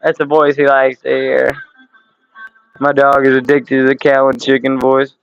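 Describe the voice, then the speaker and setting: A man's voice: medium pitch, monotone, moderate pace, vocal fry, lo-fi sound, faint music behind. A man in his thirties hosting a casual livestream from home, swearing and laughing through loose banter. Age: 30s. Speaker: livestream host. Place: home room with window air conditioner.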